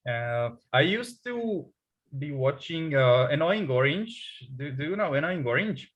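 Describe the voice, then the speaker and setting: A man interviewing a guest in a casual conversation, talking hesitantly with many pauses and restarts. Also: a little high, sing-song, highs cut off. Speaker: English tutor, interviewer.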